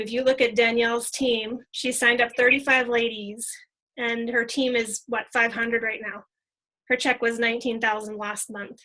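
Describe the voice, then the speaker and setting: Bright, high-voiced excited woman. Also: normal speed, rough recording. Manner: excited, chatty, full of fillers. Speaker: team leader. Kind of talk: casual team training talk.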